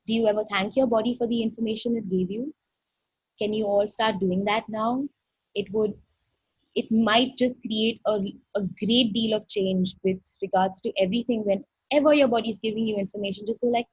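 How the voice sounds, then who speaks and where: A woman's voice: a little high, moderate pace, a little mellow, breathy edge, dry recording. A woman facilitator giving an effusive, earnest online workshop talk over a video call, often acting out little dialogues. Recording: dull dry video-call audio.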